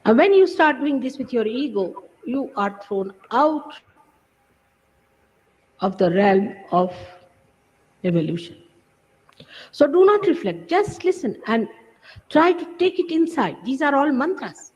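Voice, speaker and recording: A woman's voice: high voice, very animated, measured pace, long pauses, a little mellow. A woman giving a recorded spiritual lecture, emphatic and scolding, firing off rhetorical questions. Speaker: spiritual teacher. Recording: archival lecture with hall reverb, dull sound.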